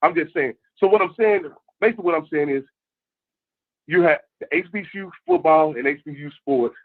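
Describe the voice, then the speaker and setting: A man's voice: fairly high pitch, brisk. A man calling in to a show, making his point insistently and repeating himself. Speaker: caller. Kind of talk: passionate call-in argument. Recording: tinny phone line.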